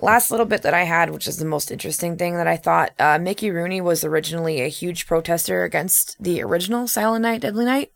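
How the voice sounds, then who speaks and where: Blunt, low-pitched woman, dry mic. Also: quick pace, gravelly, hardly any pauses, dry recording. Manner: blunt, swears freely, laughs often. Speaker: podcast co-host. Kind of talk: casual chat.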